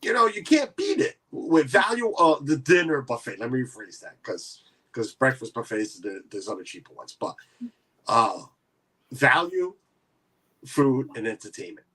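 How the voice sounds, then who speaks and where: A man's voice: medium pitch, very animated, moderate pace, a bit bright, breathy edge. A man hosting a casual livestream chat, rambling with many restarts. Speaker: livestream host.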